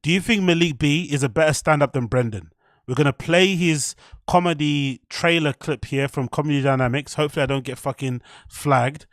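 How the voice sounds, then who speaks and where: A man with a slightly higher voice hosts a podcast, giving chatty, opinionated reactions to a clip. He is recorded on a close, dry mic with no room sound. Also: fairly quick, dry recording. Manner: chatty, opinionated, talks straight to the viewers. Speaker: podcast host. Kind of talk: casual commentary reacting to a clip.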